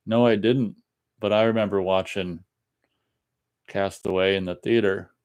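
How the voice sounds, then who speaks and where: A man's voice: on the low side, fairly even intonation, measured pace, darkish tone, clear, resonant tone. A man from Minnesota hosting a casual live show, reading viewer comments aloud and chatting back about them. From Minnesota, USA. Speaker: radio show host reading chat. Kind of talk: casual live-stream chat.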